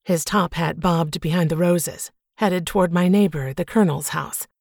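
A woman narrating a first-person audiobook in a measured, reflective way. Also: on the low side, creaky, darkish tone, no echo, clean studio sound.

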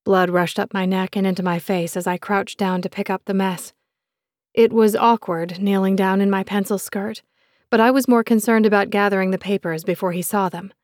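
A woman's voice: medium pitch, steady tone, normal speed, a little mellow, dry recording, clean studio sound. Woman reading a romance audiobook. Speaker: audiobook narrator. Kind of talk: first-person romance novel narration.

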